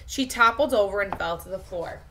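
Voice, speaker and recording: A woman teacher giving an expressive interactive read-aloud of a children's novel for fifth graders. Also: mid-range voice, slight background noise. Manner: lively expressive reading, pausing to talk to a baby and the class.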